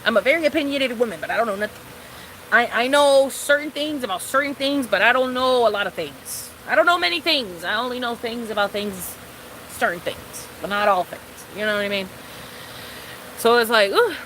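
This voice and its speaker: A woman's voice: a little high, lively intonation, fairly quick, fairly bright tone, a little hiss or hum, rough recording. A young woman streaming a casual, rambling, profane chat with her viewers, calling them girl.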